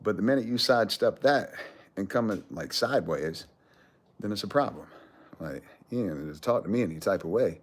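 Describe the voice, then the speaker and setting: With his phone held out at arm's length in a yard, a middle-aged vlogger running a giveaway livestream tells a foul-mouthed, swaggering story, chuckling between lines. His voice is on the low side, animated and breathy-edged, at a normal speed.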